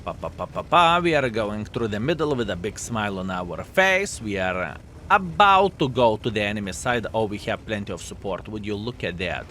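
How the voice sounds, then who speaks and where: Animated man giving gameplay commentary. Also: lowish voice, normal speed, slight background noise. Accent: Lithuanian. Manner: animated, playful, addresses viewers as fellas. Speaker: gaming YouTuber.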